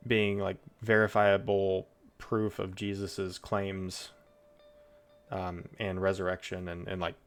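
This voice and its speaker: A man streaming, reading Bible passages aloud and breaking off into chatty, loose asides. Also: on the low side. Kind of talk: casual Bible reading with commentary.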